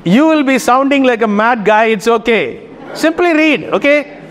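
A man's voice: very high-pitched, animated, moderate pace, a bit bright, big-room sound, slight background noise. A man teaching a Greek class, giving instructions and often checking in with his students. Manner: instructive, keeps checking in with "okay?". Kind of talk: classroom lesson.

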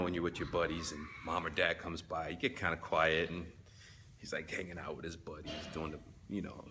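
A man's voice: very deep voice, noisy background. A man talking casually to camera as a family vlogger and father, laid-back and slangy, calling his viewers family. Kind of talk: casual vlog talk to camera.

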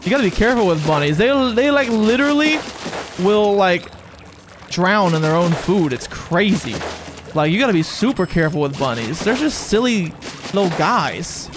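A game streamer giving excitable, chatty live commentary on a match and talking to viewers in chat. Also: mid-range voice, normal speed, background noise. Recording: game music playing behind the voice.

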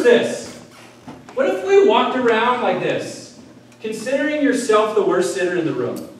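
A male pastor preaching a sermon in a conversational way, tossing out rhetorical questions and checking in with "right?". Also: high-pitched. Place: church sanctuary. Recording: echoey room heard from a distance.

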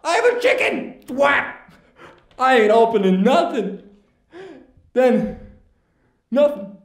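A man performs a theatrical impression voice that declaims comic verse in stop-start, oddly stressed phrases. The delivery is slow and pitched high. A roomy echo hangs around the words. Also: creaky, exaggerated voice. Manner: dramatic, halting odd-rhythm recitation. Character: theatrical man doing a famous actor's voice. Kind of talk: comic poetry reading.

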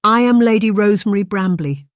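A woman's voice: low-pitched, fairly even intonation, measured pace, dark tone, no echo. A haughty young noble lady, as a narrator puts her on, a woman who speaks with proud dignity. The storybook read is dry and close. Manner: proud, offended.

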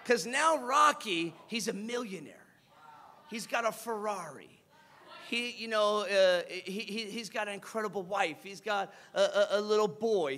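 Male pastor, animated sermon storyteller, bright forceful tone. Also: high-pitched. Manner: animated storytelling, acting out scenes.

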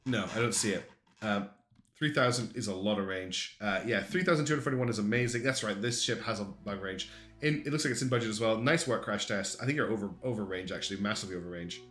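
A man's voice: on the low side, quick pace, fairly bright tone. A man giving casual livestream commentary, chatty and thinking aloud with lots of ums and restarts. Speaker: streamer reviewing community game designs. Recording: roomy echo with faint guitar music behind.

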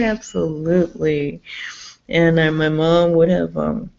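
Brief: woman, gravelly voice, agitated profane rambling rant, dull lo-fi recording. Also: sits low, flat delivery, a little slow, darkish tone. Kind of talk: rambling monologue to camera. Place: public campus building indoors. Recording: dull lo-fi sound.

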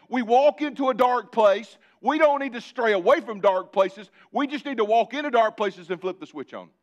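A male pastor preaching a sermon, building repeated phrases and dropping into quiet asides. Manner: preaching with sudden drops to a low conversational aside.

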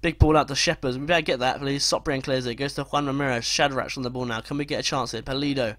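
A young man narrating his football management game as play-by-play commentary, breaking into loud, swearing outbursts. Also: mid-range voice, fairly even intonation, fast, no echo. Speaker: gaming commentator.

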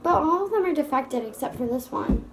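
A woman hosting a casual vlog skit, bubbly and gushing with excitement. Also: high-pitched, a little fast, rough recording. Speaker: vlogger and skit host.

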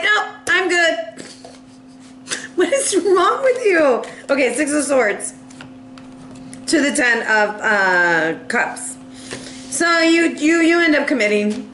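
A woman's voice: high-pitched, sharp tone, roomy sound. A woman giving a casual, playful tarot reading, laughing often and acting out little voices, with a cough now and then. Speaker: tarot reader.

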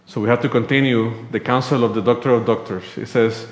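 A man of middle pitch preaches in a church sanctuary, speaking conversationally as he tells a personal story and briefly acts out what others said. The room gives his voice a noticeable echo. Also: fairly even intonation, quick pace. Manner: conversational, acts out quoted dialogue.

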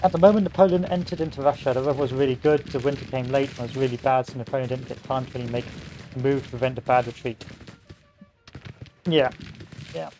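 A man's voice: medium pitch, steady tone, fast talker, mellow, faint music behind. A man giving casual gameplay commentary, rambling off into history tangents and joking asides. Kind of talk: casual let's-play commentary.

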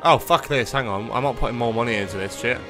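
A man's voice: mid-range voice, fast talker. Guy streaming a city builder, swears a lot, jokey and self-mocking, some faint music under him. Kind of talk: casual gaming livestream commentary.

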